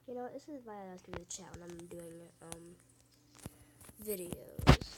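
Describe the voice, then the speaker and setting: A woman with a scratchy voice, talking quietly and haltingly with many fillers while commenting on her gameplay. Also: on the low side. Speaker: gamer.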